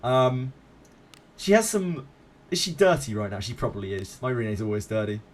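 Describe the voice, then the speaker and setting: A man's voice: medium pitch, moderate pace. Laid-back self-mocking gaming streamer man. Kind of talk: casual live-stream chat.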